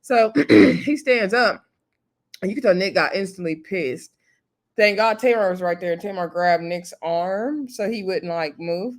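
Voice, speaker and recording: A woman's voice: fairly low pitch, normal speed. A woman giving a casual, opinionated recap of a TV episode. She acts out what people said and talks back at them. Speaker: TV show recapper.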